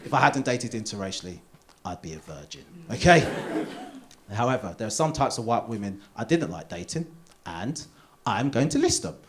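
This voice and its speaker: A man doing a live stand-up set in a theatre, animated and jumping into high put-on voices for characters. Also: normal speed. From Essex, England. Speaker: stand-up comedian. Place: theatre stage. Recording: live theatre recording with audience noise.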